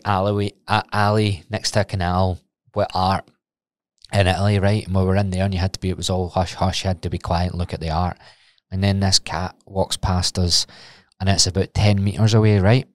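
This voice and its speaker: A man's voice: deep voice, no room sound, clean studio sound. A Scottish man hosting a solo podcast, talking casually and rambling off on tangents, with the odd swear. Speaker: podcast host and personal trainer.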